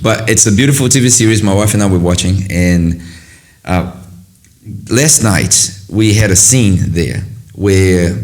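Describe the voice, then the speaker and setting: A man's voice: low voice, darkish tone. A middle-aged man hosting a casual conversation, earnest and rambling, often restarting his sentences as he reflects. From from another country. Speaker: host.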